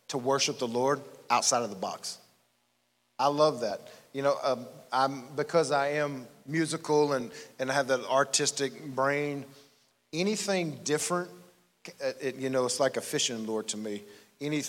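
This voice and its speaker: Male pastor, casual animated sermon, mid pitch, live church hall reverb. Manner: folksy, animated preaching with asides. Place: church sanctuary.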